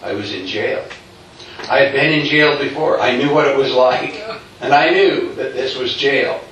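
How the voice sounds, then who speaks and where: A man voicing a troubled man who speaks in a lowered, somber voice. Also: moderate pace, a bit bright, slight background noise, natural voice. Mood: grim. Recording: very echoey hall, distant mic.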